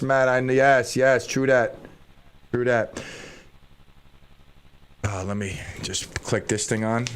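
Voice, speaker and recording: A man's voice: medium pitch, vocal fry, fairly bright tone, a little hiss or hum. A middle-aged man hosting a radio show, rambling casually and mocking himself while he fumbles with studio gear. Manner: scattered, self-mocking, thinks aloud while fiddling with gear.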